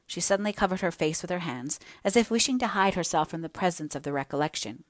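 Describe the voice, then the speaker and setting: A woman reads a classic novel aloud in a measured, storytelling manner. Her voice is on the low side. The recording is dry and close, with no room sound. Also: expressive, no room sound. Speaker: audiobook narrator. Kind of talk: scripted novel narration.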